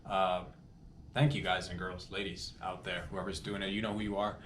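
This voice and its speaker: Low-voiced man rambling earnestly in echoey room. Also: level tone, moderate pace, fairly bright tone. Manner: rambling, earnest, self-interrupting. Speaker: comedy podcast host. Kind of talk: casual heartfelt monologue. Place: Toronto. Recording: echoey room with faint background noise.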